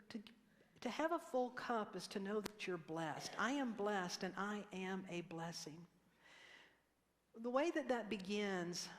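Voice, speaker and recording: A woman's voice: mid-range voice, in a large hall. A woman minister giving a conversational sermon, leading the congregation in responses and laughing at herself. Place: church sanctuary.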